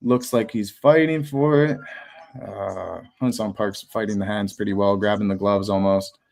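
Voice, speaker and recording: A man's voice: on the low side, steady tone, normal speed, creaky, a little mellow. A young man hosting a live fight watch party, talking casually and bluntly with slang and swearing. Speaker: livestream host.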